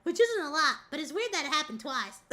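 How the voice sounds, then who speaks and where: A woman's voice: sits high, very animated, brisk, very noisy. A woman from the Southern United States, a VTuber streamer chatting casually in a slightly nasal, rambling, laugh-prone way. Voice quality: a little nasal. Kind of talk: casual chat.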